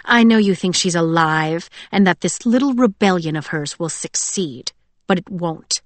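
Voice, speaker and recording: A woman's voice: on the low side, animated, normal speed, no room sound, close to an everyday voice. A woman reading an audiobook, voicing a cruel, haughty queen who hisses her threats. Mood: menacing. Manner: hissing, sneering.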